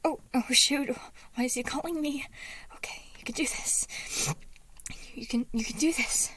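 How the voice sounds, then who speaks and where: Woman doing a nervous dad type, higher voice, sniffly and shaky, fake-cheerful. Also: fairly even intonation, moderate pace, sharp tone, dry recording. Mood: panicked. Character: gentle fatherly man, anxious and tearful.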